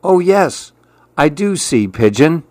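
Man doing a higher, gentle storybook mouse, curious and lilting. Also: very animated, slow, no echo. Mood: delighted. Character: curious gentle male mouse, dreamy and kind.

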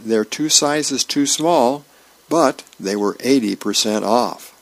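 A man's voice: medium pitch, slow pace. A man voicing a vain middle-aged Viking wife in a comic strip, reading her lines lightly in a raised voice. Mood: teasing.

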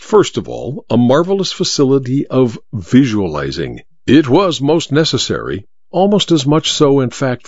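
Guy narrating an old story, pitch moves around a lot, dry muffled recording. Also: dry recording. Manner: measured, expressive storytelling. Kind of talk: audiobook narration.

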